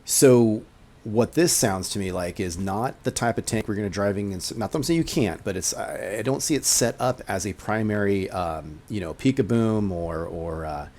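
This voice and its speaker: A man's voice: on the low side, moderate pace, darkish tone. A man hosting his own game channel, giving gameplay commentary as he thinks aloud, hedging often and explaining mechanics to newcomers. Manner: musing, thinking aloud with frequent hedges.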